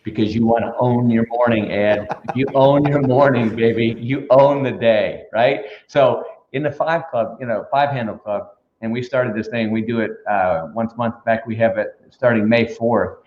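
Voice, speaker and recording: A man's voice: mid-range voice, moderate pace, roomy sound, dull audio, a little hiss or hum. A man, a sales coach, talking as a guest in a punchy, preachy motivational way, with lots of "come on" asides. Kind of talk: energetic motivational talk.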